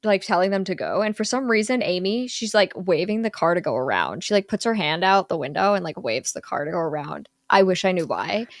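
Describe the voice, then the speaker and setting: A young woman recapping a movie in casual chat, animated and quick to act out the characters in little quoted voices. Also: lowish voice, no room sound, clean studio sound. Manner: animated storyteller, acts out film characters in quotes. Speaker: podcast host recapping a film.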